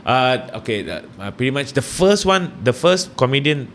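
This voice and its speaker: A man with a Malaysian English accent, talking casually as an interview guest. His speech is rambling and animated, full of fillers and restarts, at a mid-range pitch. A faint hum sits under the recording. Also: moderate pace. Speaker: stand-up comedian guest.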